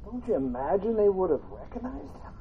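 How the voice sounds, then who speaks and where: A man's voice: high-pitched, big pitch swings, brisk, creaky, a little hiss or hum. A man preaching a conversational sermon, telling stories with humor and acting out voices from the reading. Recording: tinny phone-like sound.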